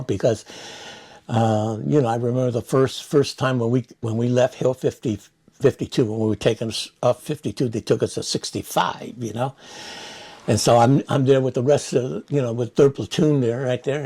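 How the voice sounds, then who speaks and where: Older man with a gravelly, husky voice. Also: medium pitch, warm tone. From San Francisco, United States. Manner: rambling, many restarts and "you know". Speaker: Vietnam veteran interviewee. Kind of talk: casual storytelling interview.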